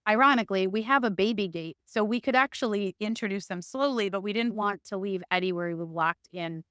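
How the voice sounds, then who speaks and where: A middle-aged woman telling a long story as an interview guest, chatty and animated. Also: mid-range voice, fairly quick, smooth, no echo, studio quality. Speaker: podcast guest.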